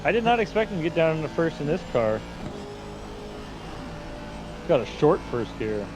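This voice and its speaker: Easygoing co-commentator man, slightly high. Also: big pitch swings, fast talker, music in the background, low-quality recording. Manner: easygoing, self-deprecating, fumbles names. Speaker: sim racing co-commentator. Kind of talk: live race commentary with banter.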